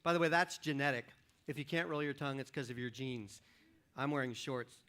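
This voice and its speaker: A man preaching as a pastor from a church stage, joking with and directing volunteers in a lively, upbeat sermon. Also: mid-range voice, a little fast, clear, resonant tone. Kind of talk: lively sermon with audience participation. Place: church stage before a congregation. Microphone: stage microphone.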